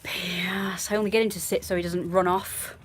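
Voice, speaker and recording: A woman's voice: fairly low pitch, little pitch movement, moderate pace, a little hiss or hum. A woman chatting casually on a live stream, talking to her viewers and scolding her dog.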